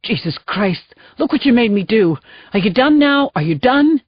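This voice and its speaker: A woman voicing a male police officer who shouts commands. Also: a little high, big pitch swings, takes it slowly, dry recording, heavily acted. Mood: shouting. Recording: dull, dry studio sound.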